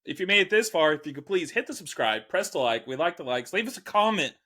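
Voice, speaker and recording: A man co-hosting a fantasy football show, laid-back and quick to laugh. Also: on the high side, lively intonation, bright, forceful tone. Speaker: podcast co-host. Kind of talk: casual sports chat.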